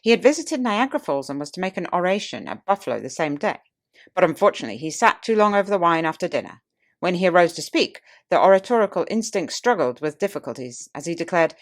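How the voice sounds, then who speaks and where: A woman narrates an audiobook chapter in a measured, deliberate manner. Her voice sits a little on the low side, and she gives expressive emphasis to key phrases. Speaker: audiobook reader, toastmaster.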